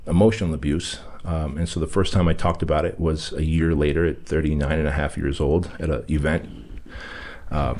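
A man with a low, deep voice speaks as a podcast guest. Originally from Armenia, he tells a personal story in a candid, emphatic way, acting out the dialogue with the people in it. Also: darkish tone.

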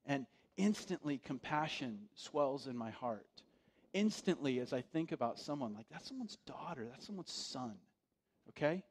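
A male pastor giving a sermon in a conversational, storytelling way, dropping his voice to a hush for quoted words. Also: medium pitch.

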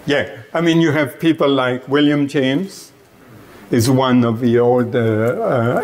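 A man giving an academic lecture in a meditation center classroom, deliberate and explanatory, often checking in with the audience. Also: mid-range voice, a little mellow. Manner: deliberate, checks in with "Okay?", light chuckles.

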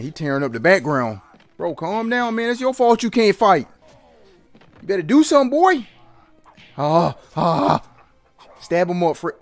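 A man giving excited, trash-talking commentary while playing a fighting game, yelping and laughing often. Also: fairly high pitch. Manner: animated, yelps and laughs, trash-talks the opponent. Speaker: gaming channel host.

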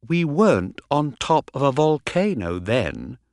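Guy doing a chill teasing lady explorer, voice nudged up, quiet, no room sound. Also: medium pitch, sing-song, a little slow, no echo, clean studio sound, voice pushed up. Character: calm, teasing young woman traveler.

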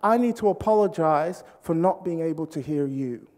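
A man's voice: a little high, moderate pace. A British man preaching, telling funny stories and acting out the people in them as he jokes with the congregation. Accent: British English. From Britain. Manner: animated, acts out quoted voices, jokes with the crowd. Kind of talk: humorous sermon storytelling. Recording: long hall reverb.

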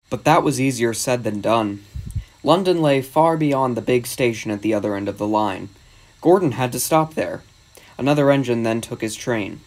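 A man narrates a children's storybook in a steady, measured way. His voice sits at an ordinary middle pitch for a man.

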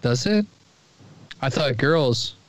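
A man's voice: mid-range voice, lively intonation, takes it slowly. A man co-hosting a podcast in casual chat, joking and riffing crudely. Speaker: podcast co-host.

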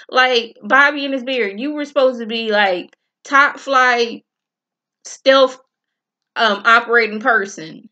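A woman casually recapping a TV episode in an animated, colloquial way, acting out the characters' lines. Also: a little high, slow pace, highs cut off. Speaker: TV show reviewer.

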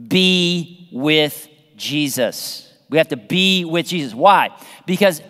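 A man with a fairly high voice preaches from the pulpit, and his words ring out through the long echo of a church hall. He talks to the congregation in a lively, conversational way, repeats key phrases for emphasis and sometimes restarts a sentence. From Southern United States. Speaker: pastor. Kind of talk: sermon. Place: church sanctuary.

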